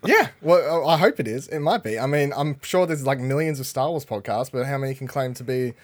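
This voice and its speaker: A man hosting a podcast in casual chat, energetic and rambling as he talks. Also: medium pitch, a little fast. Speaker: podcast host.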